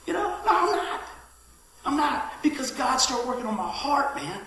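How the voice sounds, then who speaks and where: A middle-aged man preaching a sermon, telling stories with swings from loud calls to hushed asides. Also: very high voice, normal speed. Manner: lively storytelling, swings from shouting to hushed asides. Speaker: pastor. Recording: very echoey church hall.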